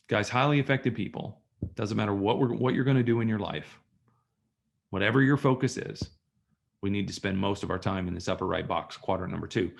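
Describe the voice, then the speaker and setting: A man teaching a live online workshop, talking to students in a lively storytelling way and acting out conversations. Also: on the low side, gravelly. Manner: animated storytelling, acts out dialogue. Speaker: trainer. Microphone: video call.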